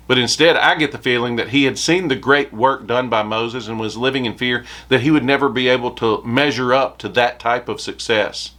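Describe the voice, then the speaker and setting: A man's voice: mid-range voice, normal speed, sharp tone. A man preaching a short devotional sermon, reading scripture aloud with rising emphasis.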